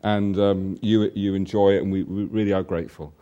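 A man's voice: low voice, flat delivery, fairly quick, dark tone, muffled recording. A man leading a church service, introducing a visitor with light jokes and laughter. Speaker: pastor.

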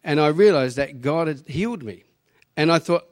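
A man's voice: a little high, lively intonation, moderate pace. A man from New Zealand with a New Zealand accent, telling his story plainly to a church congregation. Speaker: church member giving testimony. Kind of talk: personal testimony.

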